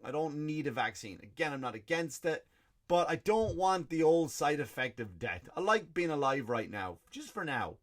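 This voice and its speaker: Profane, ranting Irish comedian. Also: male voice, on the high side, big pitch swings, normal speed. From Ireland. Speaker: comedian podcast host. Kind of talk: stand-up style comic rant.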